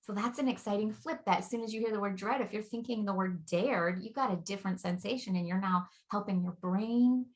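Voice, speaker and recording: A woman's voice: medium pitch, brisk, few pauses. A woman co-hosting, talking to viewers in an upbeat, enthusiastic way. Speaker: co-host. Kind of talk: casual chat.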